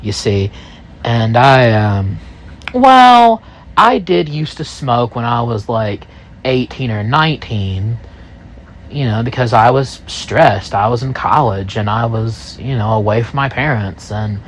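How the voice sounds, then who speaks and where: Slow, rambling male storyteller. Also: medium pitch, expressive, a little hiss or hum. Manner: rambling, halting, full of asides. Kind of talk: first-person spoken story.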